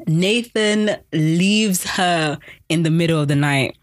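Expressive TV recapper. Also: medium pitch, unhurried, no room sound, studio quality. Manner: expressive, repeats lines for emphasis, laughs often. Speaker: TV episode recapper. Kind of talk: casual episode recap and review.

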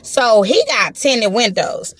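Animated, profane woman telling a story. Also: a little high, slow, no room sound, studio quality. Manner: animated, profane, acts out her own quotes; talks straight to the audience with slangy asides. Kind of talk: casual storytime to viewers.

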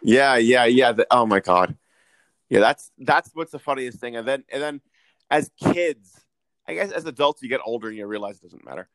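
A man's voice: medium pitch, normal speed, fairly bright tone, dry recording, rough recording. A man co-hosting a casual podcast chat, chatty, often stumbling and repeating his words. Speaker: podcast co-host.

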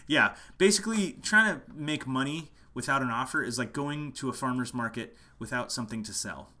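Speaking at a moderate pace in a sharp, mid-range voice, a male musician delivers a casual marketing lesson to camera. He's at home late at night, passionate about online marketing, and keeps repeating points for emphasis.

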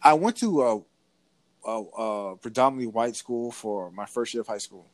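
A podcast co-host tells a story energetically in casual conversation, often breaking off to restart his sentences. He has a mid-range male pitch and speaks at normal speed, recorded close and dry with no room sound.

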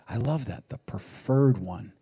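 A man preaching a sermon, unhurried and reflective, with lively acted quotes. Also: mid-range voice, vocal fry, breathy edge.

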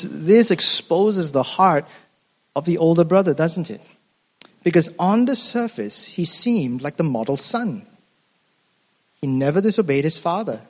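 Male preacher, high voice, slow emphatic sermon, repeats phrases for effect, dull recording in a reverberant hall. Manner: emphatic, dramatic repetition, addresses listeners as friends.

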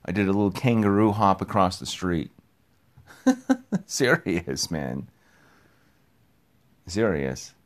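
A young man talking in a casual, rambling monologue, repeating himself, getting excited and swearing offhand. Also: low-pitched, slow, pauses often. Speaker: podcast host.

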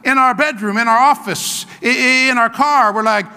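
A male pastor preaching an energetic sermon in a church, exclamatory and full of call-and-response urging. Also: extremely high pitch, normal speed, hardly any pauses, clean tone. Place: church sanctuary. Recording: long church hall reverb.

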